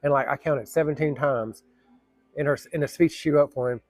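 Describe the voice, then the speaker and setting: Colloquial male storyteller, meandering and profane, slightly high voice. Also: fairly even intonation, normal speed, darkish tone, no echo. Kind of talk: casual anecdote telling.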